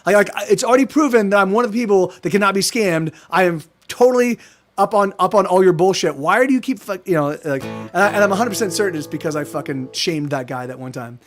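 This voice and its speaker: Male streamer, higher-pitched, casual rambling and profane, faint music behind. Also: expressive, quick pace. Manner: rambling, restarts, swears freely. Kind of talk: casual livestream chat. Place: small apartment.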